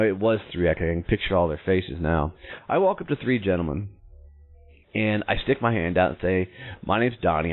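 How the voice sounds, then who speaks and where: A man in his thirties, a show host telling a personal story in an animated way, acting out the people in it. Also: lowish voice. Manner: animated, acts out quoted voices in his story. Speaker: podcast host. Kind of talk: storytelling monologue. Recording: tinny phone-like audio.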